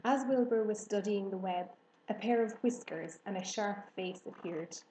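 A woman narrating a children's storybook in an even, measured way. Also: medium pitch, reverberant, a little hiss or hum, rough recording. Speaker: audiobook narrator.

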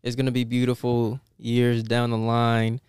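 Animated young man with a smooth voice. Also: mid-range voice, measured pace, dry recording, studio quality. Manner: animated, laughing, many fillers and restarts. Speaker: guest, dental assistant. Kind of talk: casual storytelling interview.

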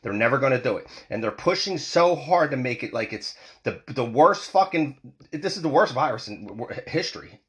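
A heated man in his forties from the United States, swearing freely as he rants to a camera. His voice sits at an ordinary middle pitch, and he restarts his words again and again as the anger pushes him along. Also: animated, normal speed. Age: 40s. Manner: heated, profane, repetitive restarts. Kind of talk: angry political rant.

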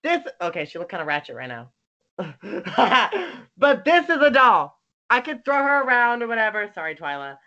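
Bright-voiced young adult, foul-mouthed ranting. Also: medium pitch, very animated, moderate pace, lo-fi sound. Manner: swears constantly, bursts into shouting and cry-like laughing. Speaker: video call participant. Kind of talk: casual profane rant. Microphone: webcam on a video call.

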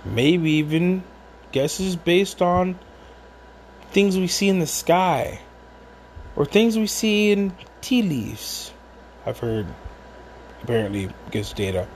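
A man talking at home in a meandering, musing way, doubling back on his words and drifting into asides. His voice sits a touch higher than most men's, with a faint hiss underneath. He drinks as he talks. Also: animated, slow, long pauses. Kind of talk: rambling casual monologue.

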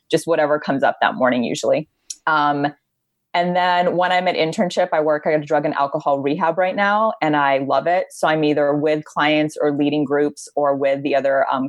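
A young adult woman from Hawaii, a podcast guest talking openly and reflectively in a relaxed interview. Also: sits low, no echo. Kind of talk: casual conversational interview.

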